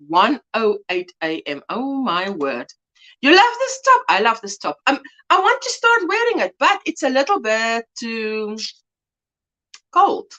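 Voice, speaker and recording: Middle-aged woman hosting a home livestream, from South Africa, bubbly, high voice with big swings. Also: bright, forceful tone. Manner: chatty, greets viewers by name, laughs often. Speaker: livestream host. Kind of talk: casual livestream chat.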